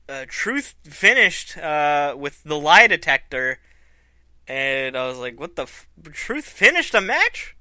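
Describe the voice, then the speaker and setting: Slow, bright-voiced casual male vlogger. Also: a little high, smooth, no echo. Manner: loose, laughing, swears freely. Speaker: vlog host. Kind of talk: casual review vlog.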